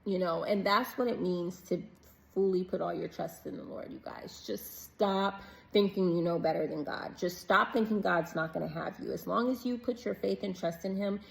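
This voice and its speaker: A woman's voice: fairly low pitch, normal speed, vocal fry, poor audio. A woman vlogging on vacation, earnestly and emotionally sharing a faith testimony in casual, preacher-like talk. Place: on vacation, about to eat breakfast.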